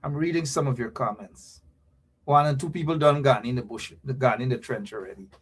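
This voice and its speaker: A man with a Guyanese accent hosting a livestream, ranting in an animated, repetitive, scolding way full of local slang. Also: mid-range voice, brisk, breathy edge. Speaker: show host.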